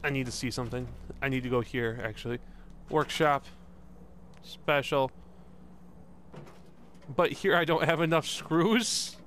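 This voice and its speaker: A man's voice: mid-range voice, unhurried, long pauses, a bit bright, a little hiss or hum. A man casually commenting while playing a video game, rambling and joking and swearing now and then. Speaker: gaming video host. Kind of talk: casual let's-play commentary.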